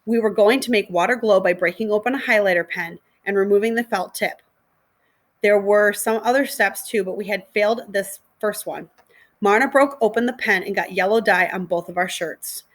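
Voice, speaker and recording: A woman, a middle school teacher, reading a children's novel aloud to her students in a steady, clear storytelling voice. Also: medium pitch, normal speed.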